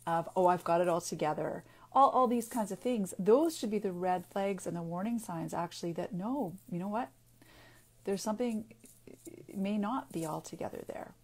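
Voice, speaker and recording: A woman's voice: lowish voice, a little mellow. Woman just talking to camera, earnest, stops and restarts a lot, kinda searching for words. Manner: halting, many restarts and fillers, earnest. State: getting emotional. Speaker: naturopathic doctor and author. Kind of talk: unscripted personal video talk.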